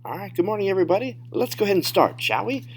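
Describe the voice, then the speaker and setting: A man teaching a recorded Spanish lesson, modeling phrases slowly and explaining pronunciation. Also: high-pitched, very animated, slight background noise. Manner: slow, deliberate modeling of phrases.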